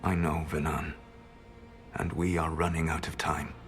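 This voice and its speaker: A soft-spoken ancient elf mage whose voice sits very low and grave. He talks with quiet sorrow, game music swelling under every word. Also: flat delivery, measured pace. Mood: sorrowful.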